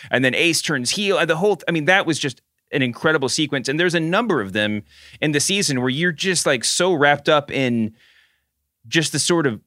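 A man's voice: on the high side, sharp tone, dry recording, clean studio sound. A man from the American South co-hosting a podcast, chatting casually in rambling bursts with frequent restarts. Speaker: podcast co-host. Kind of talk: casual chat.

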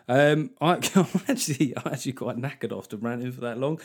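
A Mancunian man rants through his solo podcast, animated and sarcastic, swearing as he goes. His voice sits at an ordinary middle pitch. Now and then he mocks his critics in put-on voices. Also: fairly quick, hardly any pauses. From Manchester, England. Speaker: podcast host and comedian.

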